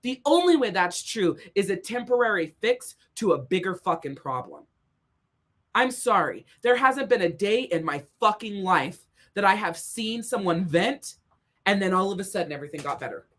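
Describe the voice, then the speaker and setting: A woman's voice: medium pitch, very animated, moderate pace. A woman life coach giving a blunt, emphatic motivational talk, swearing often and repeating points for emphasis. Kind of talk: motivational monologue.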